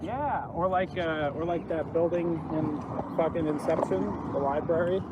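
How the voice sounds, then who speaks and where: A man's voice: fairly high pitch, moderate pace. A man as guest comedian on a walking livestream, joking loosely with lots of fillers. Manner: loose rambling jokes with fillers. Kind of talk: casual walking livestream chat. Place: outdoors on city streets. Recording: noisy outdoor street sound.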